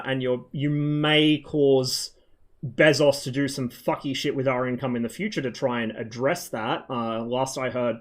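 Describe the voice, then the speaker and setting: A man in his thirties from Australia, chatting loosely with viewers on a game stream, rambling and swearing a lot. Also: mid-range voice. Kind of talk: casual chat on a game stream.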